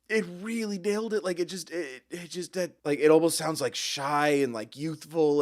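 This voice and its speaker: A man's voice: fairly high pitch, normal speed, few pauses. Emotional man rambling through a reaction. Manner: emotional, rambling, stammering, swears often. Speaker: reaction video host. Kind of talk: casual reaction commentary.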